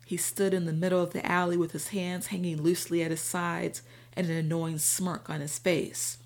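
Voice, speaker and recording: A woman narrating a first-person audiobook in a steady, even storytelling manner. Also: lowish voice, moderate pace.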